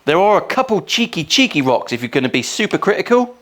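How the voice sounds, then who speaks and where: A man's voice: high-pitched, very animated, fast talker, a bit bright. A man in his forties, a luthier giving casual workshop commentary full of cheeky, crude, sweary asides. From England. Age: 40s. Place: guitar workshop.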